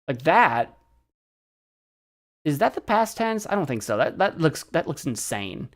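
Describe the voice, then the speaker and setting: A man's voice: on the high side, big pitch swings, measured pace, pauses often, a bit bright. An American man streaming, chatting casually as he practices a language app, thinking aloud and second-guessing himself.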